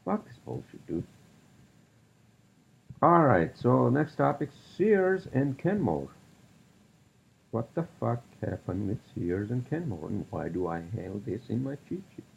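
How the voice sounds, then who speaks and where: Male podcast host, husky and gravelly, profane rambling monologue. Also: fairly low pitch, big pitch swings, a little slow, highs cut off. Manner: profane ranting, rambling with many fillers.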